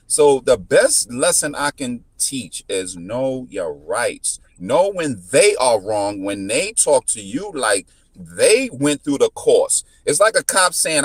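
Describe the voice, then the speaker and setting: A man in his thirties telling a story in casual chat, full of restarts, whose pitch jumps up when he quotes people. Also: no room sound. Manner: animated, repetitive restarts, jumps into high pitch when quoting. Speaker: podcast guest.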